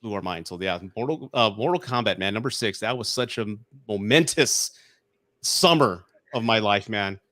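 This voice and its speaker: A man's voice: fairly low pitch, lively intonation, normal speed, sharp tone, no room sound. Nostalgic man in his forties, dry sound. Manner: nostalgic storyteller, many restarts. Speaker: guest reviewer. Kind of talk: casual podcast chat.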